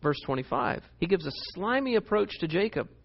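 A man preaching a sermon, animated and emphatic, reading scripture aloud and explaining it. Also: high-pitched, a little fast, creaky, muffled recording. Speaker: pastor.

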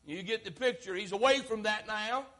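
High-pitched impassioned preacher. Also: male voice, normal speed. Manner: impassioned, swelling to shouts and dropping low. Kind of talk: sermon.

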